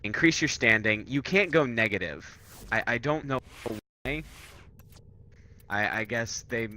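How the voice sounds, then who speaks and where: A man co-hosting casual gaming commentary, joking crudely and rowdily with sudden loud outbursts. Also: mid-range voice. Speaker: gaming co-host.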